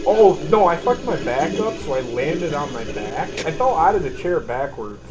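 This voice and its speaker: A man's voice: a little high, sing-song, moderate pace, highs cut off, noisy background. A man hosting a casual podcast chat, cursing freely and laughing often. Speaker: podcast host.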